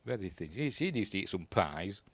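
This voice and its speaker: A film reviewer with a Yorkshire accent gives casual, rambling commentary while watching a film, often unsure of himself and chuckling at his asides. His voice sits low and sing-song, fairly quick, in a dry recording.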